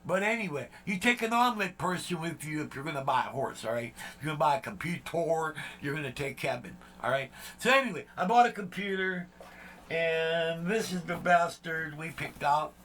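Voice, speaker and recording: A man's voice: on the high side, expressive, normal speed, fairly bright tone. A man, chatting casually as a vlog host, rambling and joking with lots of fillers and asides. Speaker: channel host.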